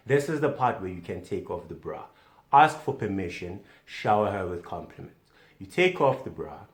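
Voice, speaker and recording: A man delivering a mock instructional comedy monologue as a self-styled doctor, theatrical and swinging between loud emphasis and hushed whispers. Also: lowish voice, very animated, moderate pace. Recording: echoey room.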